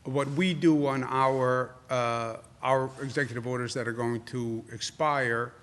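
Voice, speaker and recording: A man's voice: mid-range voice, steady tone, unhurried, a bit bright. A man in his sixties with a New York accent answering reporters at a press briefing, combative and repeating phrases for emphasis. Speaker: governor giving press briefing.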